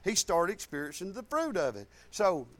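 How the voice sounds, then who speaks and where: Preacher, man in his fifties: high, swooping voice, folksy storyteller. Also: normal speed. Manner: folksy, animated storytelling with colloquial grammar. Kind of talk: sermon.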